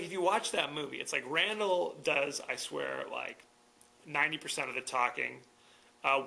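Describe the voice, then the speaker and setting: Male podcast host, solo chat, slightly high voice with gravelly fry, wry and chatty. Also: sharp tone, rough recording. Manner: chatty and wry, with dry jokes. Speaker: podcast host reviewing films. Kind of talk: casual solo podcast monologue.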